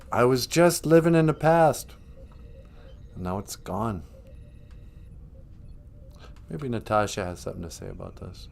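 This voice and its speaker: A man's voice: medium pitch, vocal fry. A man hosting a podcast in playful casual chat, joking, laughing often and making beep sound effects. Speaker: podcast host.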